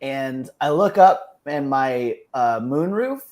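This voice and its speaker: A man's voice: medium pitch, lively intonation, slow, darkish tone. A man co-hosting a podcast, casually telling a story with plenty of swearing. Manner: profane, storytelling, laid-back. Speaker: podcast co-host. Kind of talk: casual chat.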